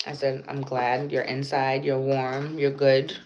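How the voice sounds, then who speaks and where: A woman's voice: rumbling low, monotone, a little slow, a little mellow, slight background noise. Woman, emotional vlogger, near tears, earnest, repeats herself, with a slightly dull recording. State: close to tears. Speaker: mother telling a personal story. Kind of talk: emotional storytelling vlog.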